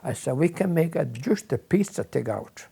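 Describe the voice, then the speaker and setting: An older man with a gravelly storyteller's voice, pitched a little high, tells his life story as an interviewee at a moderate pace. The storytelling is casual and rambling, with repeated words, and he grows animated whenever he quotes other people.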